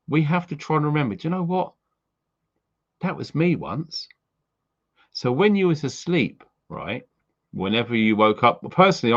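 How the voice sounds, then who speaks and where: A man's voice: mid-range voice, fairly bright tone. Uk guy ranting on his live stream, swears a lot, earnest, kinda muffled recording. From United Kingdom. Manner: blunt, sweary, heartfelt ranting. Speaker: prepping channel host.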